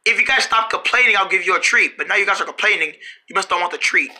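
Bright, shouty one-person cartoon voice. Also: mid-range voice, quick pace. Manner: shouting and screaming often, animated.

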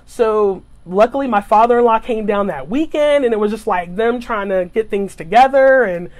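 A woman in her thirties, a guest in a casual chat, telling her stories in an animated, expressive way. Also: fairly high pitch, moderate pace.

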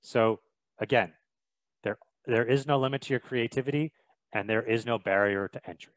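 A man's voice: medium pitch, normal speed, no echo, rough recording. A young man from Canada giving a casual video production lesson, chatty and emphatic with frequent fillers, in a home room by a window. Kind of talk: casual instructional talk.

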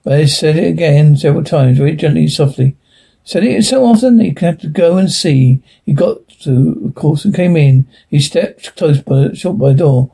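A man giving a halting, dramatic first-person reading of a horror story, stumbling and restarting words as he goes. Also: a little high, gravelly, mellow, husky.

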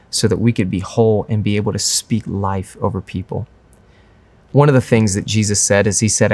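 Young pastor guy, earnest chatty preaching, kinda low voice. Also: no room sound. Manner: earnest, conversational preaching with restarts. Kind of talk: sermon.

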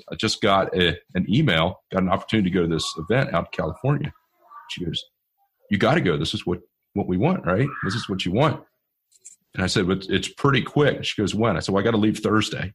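A male podcast host with a low, husky voice, chatting casually with his guest. He rambles through stories with restarts and quoted dialogue. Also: a bit bright. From Baltimore. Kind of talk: conversational interview.

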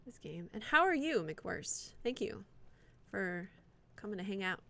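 A woman streaming live gameplay, swearing and reacting out loud to the game and chatting with viewers. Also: mid-range voice, lively intonation, a little slow, vocal fry. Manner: profane, reactive, talks to the game and chat.

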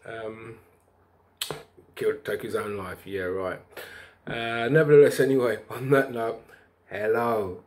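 A man vlogging, telling a rambling spiritual story in a preachy, lively way with bursts of laughter. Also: lowish voice, a little slow, long pauses.

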